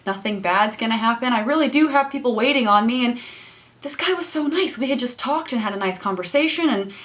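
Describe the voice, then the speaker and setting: Young woman vlogger, chatty, wry, higher-pitched voice, telling a story to camera at home. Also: animated, brisk, a bit bright. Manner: chatty, wry, self-mocking. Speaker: YouTuber. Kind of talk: storytelling vlog. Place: home room with camera lights.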